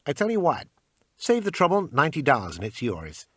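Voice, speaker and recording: A man's voice: fairly high pitch, huge pitch swings, a little fast, fairly bright tone, husky, dry recording, studio quality, pitched above the performer's own voice, full character voice. A man voicing an eager, pushy male pawnshop salesman who haggles over prices in an audiobook. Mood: eager salesy. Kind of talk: audiobook character voice.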